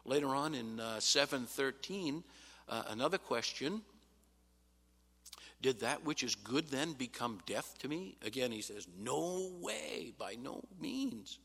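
Male pastor, mid-pitched, emphatic sermon teacher with "uh" pauses, recorded in a church sanctuary with long reverb. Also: animated, bright, forceful tone, breathy edge. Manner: emphatic Bible teaching with frequent "uh" pauses, rising sharply on quoted replies.

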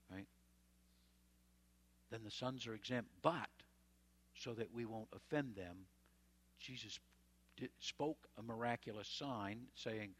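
Male pastor, middle-pitched voice, easygoing conversational sermon with asides. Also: normal speed, pauses often, a bit bright. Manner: conversational, folksy retelling with asides.

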